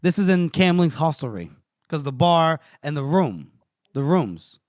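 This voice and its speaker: A man's voice: a little high, a little slow, dry recording, studio quality. A man co-hosting a podcast, casually retelling book scenes with lots of laughter and quoted dialogue. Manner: animated storyteller, quotes characters, laughs often. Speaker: podcast co-host recapping a book.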